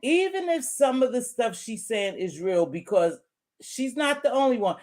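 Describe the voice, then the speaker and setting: A woman hosting a relaxed group conversation, telling stories and acting out what people said in lively quoted voices. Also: fairly high pitch, normal speed. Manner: animated storyteller acting out quotes. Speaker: host. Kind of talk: casual chat.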